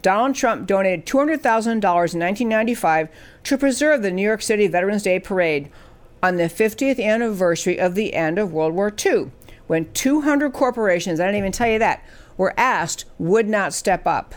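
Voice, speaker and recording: A woman's voice: medium pitch, expressive, a little fast. A woman hosting a political talk show, speaking emphatically and asking rhetorical questions. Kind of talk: political commentary.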